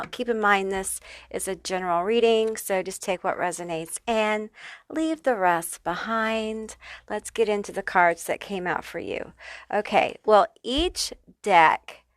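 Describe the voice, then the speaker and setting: A woman giving a casual tarot card reading, chatty and unfiltered, sprinkling her talk with profanity and little okays. Her voice sits at an ordinary middle pitch and sounds close and dry, with almost no room around it. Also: fairly bright tone, dry recording. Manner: chatty and profane, many fillers and check-in okays. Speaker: tarot reader.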